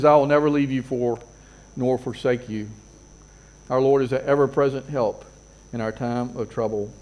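A man's voice: medium pitch, a little mellow. Earnest male pastor preaching. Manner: earnest preaching with repeated phrases and rising emphasis. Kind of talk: sermon.

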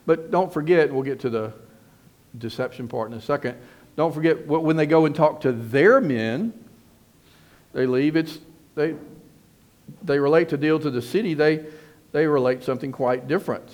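A man's voice: fairly high pitch, normal speed, pauses often, a little mellow. A middle-aged man preaching a sermon as pastor, earnest and emphatic, repeating his points and restarting phrases.

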